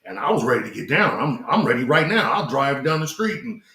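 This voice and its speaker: A man's voice: medium pitch, very animated, fairly quick, bright, forceful tone, slight background noise. A middle-aged man, a guest rapper, telling rambling, profane stories from his life in a casual interview chat. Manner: loose, profane, rambling storyteller. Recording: roomy echoing studio.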